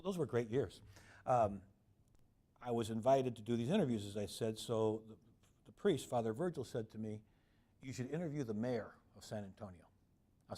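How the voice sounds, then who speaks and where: A middle-aged man giving a public lecture, telling lively anecdotes and acting out the people he quotes. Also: mid-range voice.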